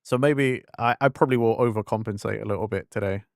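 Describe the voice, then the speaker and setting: A man's voice: lowish voice, quick pace, vocal fry, no echo, clean studio sound. A young man from England, his English accent fading toward London, chatting casually and rambling on a gaming stream. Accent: fading English, London-leaning. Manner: rambling, filler-heavy, self-interrupting.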